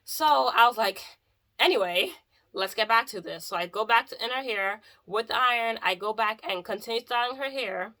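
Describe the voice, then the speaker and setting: A woman's voice: on the high side, moderate pace, bright, forceful tone. A woman who works as a hairstylist, telling a client story in an exasperated, chatty way with lots of "like.". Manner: exasperated, chatty, heavy use of "like". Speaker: mobile hairstylist. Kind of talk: casual storytime vlog.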